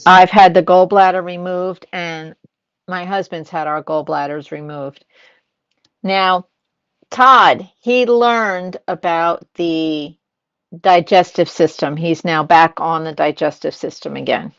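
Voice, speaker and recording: Older woman, slow relaxed pace, lowish voice, dry dull lo-fi sound, casual storytelling chat. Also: clean tone, no room sound. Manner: storytelling, acts out quoted lines. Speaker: host.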